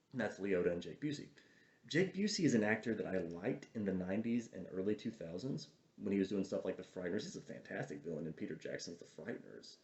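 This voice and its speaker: Low-voiced man rambling through a movie review. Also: a little mellow. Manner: chatty and digressive, trails off hunting for titles. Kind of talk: casual film review monologue. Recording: roomy, slightly dull lo-fi sound.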